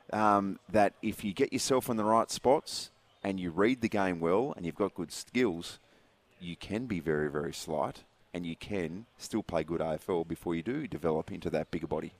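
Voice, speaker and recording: An Australian man co-hosting a sports radio show, chatting casually and laughing often. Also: low-pitched. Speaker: radio co-host.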